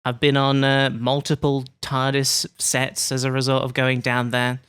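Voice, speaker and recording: Bright, smooth-voiced man telling chatty stories. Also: mid-range voice, completely flat delivery, measured pace, no room sound. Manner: chatty, playful anecdotes. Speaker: podcast host. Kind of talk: casual chat.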